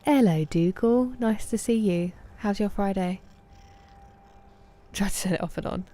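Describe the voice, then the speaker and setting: Soft-spoken woman streamer. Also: mid-range voice, normal speed. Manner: chatty, greets viewers by name, soft asides. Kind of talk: casual chat with live viewers while gaming.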